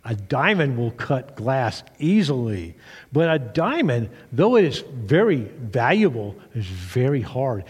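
A man's voice: medium pitch, sing-song, measured pace, darkish tone, slightly rough, in a large hall. A man pastor giving a children's sermon, retelling a story with animation and asking the kids questions.

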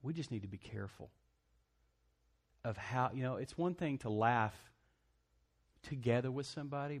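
Preaching to his congregation, a pastor calls for amens and gets jokey, acting out the voices of people he quotes. He has a lowish voice with vocal fry.

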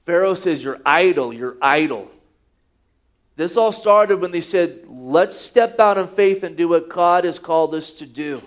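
High-voiced man preaching a sermon. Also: moderate pace, hardly any pauses. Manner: preaching with rhetorical questions, reading scripture aloud. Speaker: pastor.

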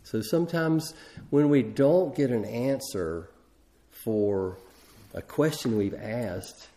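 A man's voice: medium pitch, slow, warm tone. A middle-aged man preaching a sermon in a conversational way, often restarting his sentences. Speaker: pastor.

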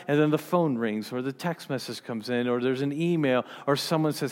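A man's voice: fairly high pitch, a little fast, hardly any pauses, long reverb tail. A man preaching a sermon, earnest and conversational, often restarting his sentences as he explains. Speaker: pastor.

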